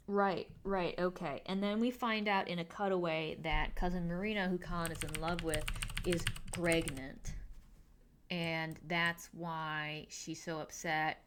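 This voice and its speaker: A young woman casually recapping a TV episode with dry sarcasm, tossing off quick mock quotes of the characters. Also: deep voice, slight background noise. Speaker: podcast host recapping a TV episode.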